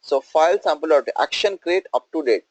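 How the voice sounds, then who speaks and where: A man's voice: fairly high pitch, animated, fairly quick, no echo, low-quality recording. A male instructor walking through a coding tutorial on screen, explaining step by step and checking in with "okay?" and "right?".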